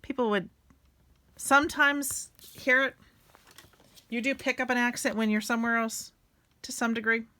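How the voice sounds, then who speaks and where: Bright chatty woman crafting. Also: a little high, steady tone, moderate pace, long pauses. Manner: chatty, self-deprecating, talks while working. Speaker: craft tutorial host. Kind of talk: casual craft tutorial.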